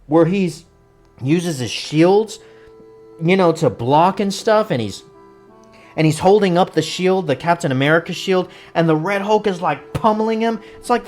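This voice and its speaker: A movie reviewer giving a casual spoken film review, talking in animated, incredulous rants. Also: medium pitch.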